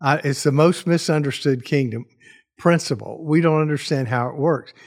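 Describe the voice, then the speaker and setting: Guy guesting on a christian talk show, earnest, measured. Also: fairly high pitch. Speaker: guest author. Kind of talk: casual chat.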